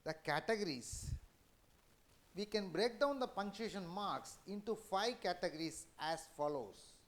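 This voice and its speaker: A man with an Indian English accent giving an educational lecture, halting with many fillers and restarts. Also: high voice, expressive.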